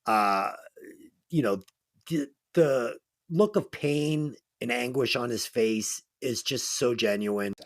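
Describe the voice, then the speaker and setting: A man's voice: mid-range voice, slow. A man co-hosting a movie review podcast, chatting casually and enthusiastically, swearing now and then. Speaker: podcast co-host.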